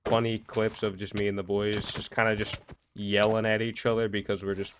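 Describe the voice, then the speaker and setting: Rambling young man, low voice. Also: flat delivery, moderate pace, noisy background. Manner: rambling, stumbling over words. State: energetic after a sleepless night. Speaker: gaming vlogger. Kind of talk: casual commentary over gameplay.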